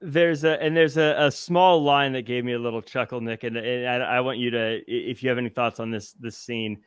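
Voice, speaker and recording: A man's voice: medium pitch, steady tone, brisk, clear, resonant tone, dry recording, clean studio sound. A man hosting a casual movie review chat, recapping scenes with hesitant restarts. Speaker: podcast host.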